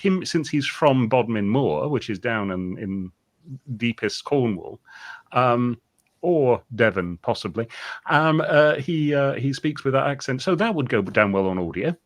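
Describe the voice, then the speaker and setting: A man's voice: medium pitch, animated, measured pace. A man from the West Country of England, a writer guest in an interview, talking in a dry, digressive way. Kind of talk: casual interview chat.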